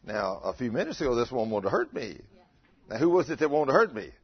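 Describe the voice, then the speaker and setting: A man in his fifties preaching a storytelling sermon, animated and acting out the dialogue. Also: medium pitch, fast, slightly rough. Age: 50s. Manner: animated, acts out dialogue, laughs with listeners. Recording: dull lo-fi recording.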